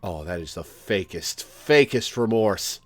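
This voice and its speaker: A man live-streaming a video game and commenting as he plays. His voice moves up and down a lot while he jokes and swears, and he talks at an unhurried pace. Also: sits low, no echo. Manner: animated, swearing, joking reactions.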